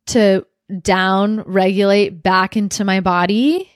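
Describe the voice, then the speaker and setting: A woman's voice: medium pitch, slow, no echo, studio quality. Candid, heartfelt woman telling a story. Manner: candid and heartfelt, with many "like" fillers. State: emotional. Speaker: podcast host. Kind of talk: personal storytelling.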